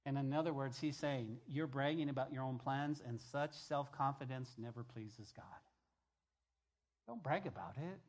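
In a medium-pitched voice and at ordinary speed, a male pastor preaches a sermon. He is emphatic, repeats key phrases, and alternates between booming and hushed moments.

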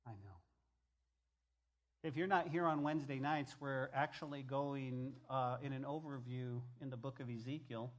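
A male pastor preaching a sermon, emphatic, repeating key phrases and swinging between loud and hushed delivery. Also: medium pitch, fairly even intonation, normal speed, hardly any pauses.

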